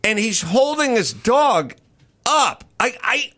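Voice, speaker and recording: A middle-aged man hosting a casual chat, telling a story with lots of swearing and loud bursts when he acts out his own lines. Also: extremely high pitch, slow. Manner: animated, profane, yells in retold lines. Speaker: podcast host.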